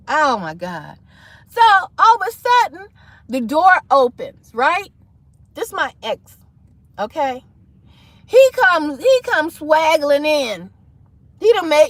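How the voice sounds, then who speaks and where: High lively woman livestreamer, dramatic storytelling, dry close sound. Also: no room sound. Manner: animated, dramatic, acts out voices in her story. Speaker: livestream host.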